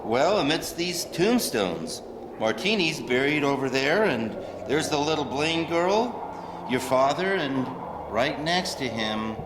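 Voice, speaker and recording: A man playing a patient male guardian angel in an amateur church stage play, gently explaining. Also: a little high, expressive, takes it slowly. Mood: somber. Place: church hall. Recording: roomy church hall, distant, noisy.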